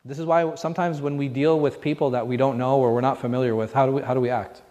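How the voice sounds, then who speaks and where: A man's voice: medium pitch, steady tone, fast, darkish tone. Male imam giving a chatty class, keeps tossing questions at the room, long hall reverb. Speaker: imam and teacher. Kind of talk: conversational religious class.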